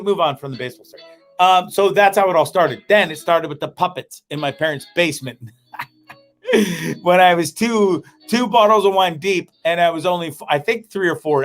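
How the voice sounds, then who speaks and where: A man hosting a comedic live show, telling stories in a rambling, profane, animated way. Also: sits high. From Canada. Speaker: host.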